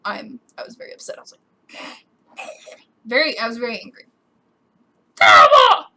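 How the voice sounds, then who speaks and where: A young woman rants on her vlog, emotional and on the edge of crying. Her voice sits high and sounds bright, and she swears casually as she vents. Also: wildly swooping pitch, fast talker. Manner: emotional, swearing, voice breaking with quoted outbursts. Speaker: gaming YouTuber. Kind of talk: upset personal vlog rant.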